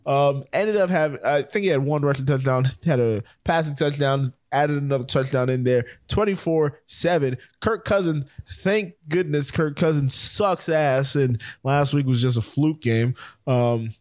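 A man co-hosting a casual sports talk show, excitable and rambling, stumbling through fillers as he goes. His voice sits in an ordinary middle pitch. The sound is dry and close. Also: normal speed, dry recording. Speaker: podcast co-host.

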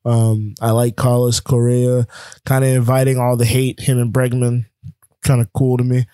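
A man's voice: mid-range voice, flat delivery, normal speed, dark tone, dry recording, clean studio sound. A man co-hosting a casual sports talk show, running through rankings and scores with lots of fillers. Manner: rambling, filler-heavy rundown of rankings. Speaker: sports podcast co-host.

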